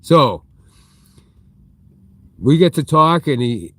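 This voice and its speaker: A man's voice: a little high, big pitch swings, takes it slowly, a bit bright, slight background noise. A middle-aged man live streaming from inside a store, telling a long rambling story and breaking off to answer viewer chat. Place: inside a big retail store.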